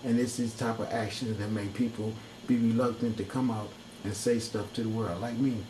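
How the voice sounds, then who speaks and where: A man's voice: on the low side, steady tone, brisk, background noise. A man delivering heated, profane, preachy commentary in an angry rant. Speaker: video commentator.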